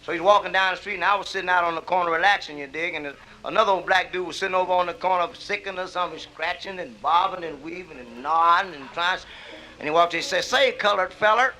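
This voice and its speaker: A man's voice: sits high, fairly even intonation, fast talker, pushed and bright, low-quality recording. A middle-aged man, telling raunchy stand-up stories in a nightclub and acting out the characters with whoops and laughs. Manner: drawling storyteller, acts out characters with whoops and laughs. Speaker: stand-up comedian. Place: nightclub stage. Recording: live club album recording.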